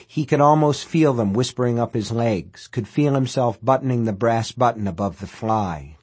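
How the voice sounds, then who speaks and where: A man reading horror fiction aloud as an audiobook narrator, dramatic in delivery and sinking to a hushed murmur in the eerie passages. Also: mid-range voice, normal speed, few pauses, slightly rough.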